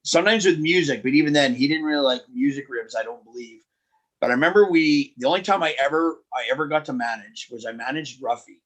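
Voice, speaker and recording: A man guest on a podcast, telling road stories in a lively, animated way, often restarting his sentences. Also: mid-range voice, fast talker. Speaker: wrestling promoter and guest. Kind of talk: casual podcast storytelling.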